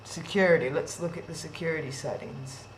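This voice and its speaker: A woman's voice: low-pitched, fairly quick. A woman hosting a live-streamed online event, chatty and flustered as she talks through technical trouble on a video call. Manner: chatty, flustered, thinks aloud with restarts. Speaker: event host. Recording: roomy echo, faint noise.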